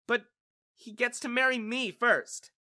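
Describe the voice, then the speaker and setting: A man's voice: very high voice, steady tone, a little slow, sharp tone, no room sound, studio quality, voice pushed up, full character voice. A man voicing a bossy, jealous young woman who hisses and snaps threats. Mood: hissing angry. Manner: hissing, snapping threats.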